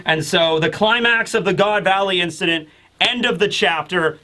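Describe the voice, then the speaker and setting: Excitable, bright-voiced male manga reviewer. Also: sits high, normal speed, slight background noise. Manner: excitable, rambling, swears casually. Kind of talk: casual chapter review.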